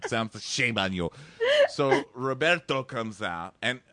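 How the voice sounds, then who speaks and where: Lively, bright-voiced man chatting. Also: mid-range voice, a little slow, no room sound. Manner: animated, laughs often, acts out the people he describes. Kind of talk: casual chat recapping a TV show.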